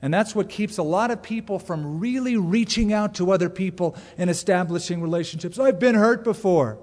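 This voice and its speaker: A middle-aged man preaching a sermon as pastor, talking conversationally with sudden loud asides. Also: high-pitched, a little fast. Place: church sanctuary. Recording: long hall reverb from a church.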